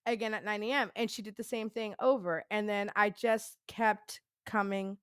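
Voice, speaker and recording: A woman telling a story as a podcast guest, rambling and profane, peppering her talk with laughs and quick "right?" asides. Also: mid-range voice, steady tone, a bit bright, clear, resonant tone, no room sound, clean studio sound. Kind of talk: casual storytelling.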